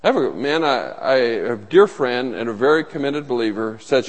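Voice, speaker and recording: A man's voice: medium pitch, very animated, moderate pace, few pauses. A man preaching a sermon as pastor, earnest and emphatic, often repeating his phrases. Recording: long reverb of a large hall.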